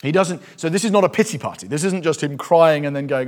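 A male preacher giving a sermon with passion, swinging from hushed, reflective stretches to loud, fervent appeals. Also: on the high side, brisk.

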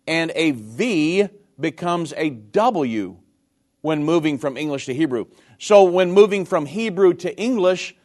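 A man hosting a call-in radio show, explaining points slowly and repeating them. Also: a little high.

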